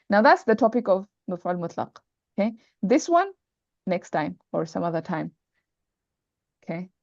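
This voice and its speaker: A woman's voice: mid-range voice, creaky, no echo. A woman teaching Arabic grammar in an online class, patiently repeating terms and checking that students follow. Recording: dull lo-fi online call audio.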